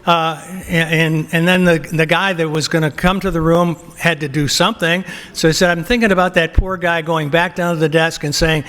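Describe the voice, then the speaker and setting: A man's voice: a little high, fairly even intonation, moderate pace, hardly any pauses, fairly bright tone. An older man presenting an award, telling a long comic anecdote and acting out the quotes with laughter. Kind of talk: anecdote at a banquet podium.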